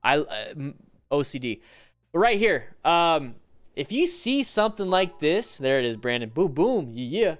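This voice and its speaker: A man hosting a casual livestream, reacting to motorcycle clips, chatty and excitable, greeting viewers and swearing now and then. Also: a little high, moderate pace.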